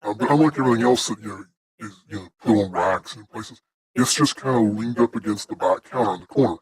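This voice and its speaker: A man's voice: on the low side, fast talker, rough recording. A man narrating a tabletop game as game master, describing scenes casually with fillers.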